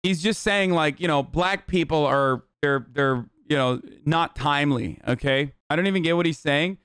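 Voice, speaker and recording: A man's voice: a little high, moderate pace, a bit bright, smooth, no room sound, studio quality. A man hosting a livestream, giving loose, profane, chatty reaction commentary. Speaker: livestream host.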